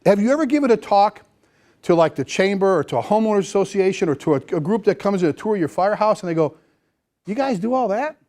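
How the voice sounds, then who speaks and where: High-voiced man giving an energetic seminar talk. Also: fast talker. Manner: energetic, folksy, repeats phrases for emphasis. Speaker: fire chief giving a seminar. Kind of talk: motivational seminar talk to firefighters. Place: seminar room before a live audience.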